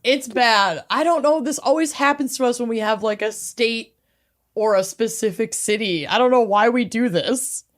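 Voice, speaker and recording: A woman from the Upper Midwest co-hosting a podcast, casual and wry with quick reactions. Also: fairly high pitch. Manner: animated, wry. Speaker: podcast co-host. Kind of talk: casual chat.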